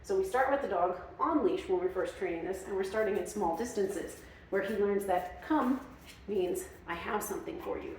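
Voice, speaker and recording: A woman's voice: medium pitch, normal speed, darkish tone, recorded from a distance, slight background noise. A woman dog trainer explaining her methods in a casual, chatty way, with many fillers. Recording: very echoey room, off-mic.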